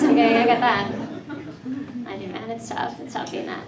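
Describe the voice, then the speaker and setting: A woman in her thirties with a high voice works a comedy club crowd in a chatty, self-mocking stand-up set. Her voice comes from a distance into an echoey room, under loud noise. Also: fairly even intonation, normal speed, long pauses. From Texas. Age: 30s. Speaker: comedy host.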